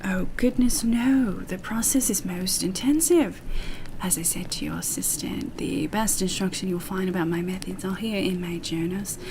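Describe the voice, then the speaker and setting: Aloof male doctor creature, deep, English-accented attempt, read by a woman. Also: moderate pace, a little mellow, slight background noise, lightly acted. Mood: grave.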